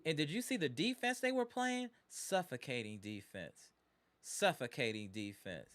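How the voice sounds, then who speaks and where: Bright, exasperated fan ranting live. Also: male voice, fairly high pitch, lively intonation, normal speed. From Wisconsin. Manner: exasperated, ranting, repeats himself. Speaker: live stream host. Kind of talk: fan reaction live stream.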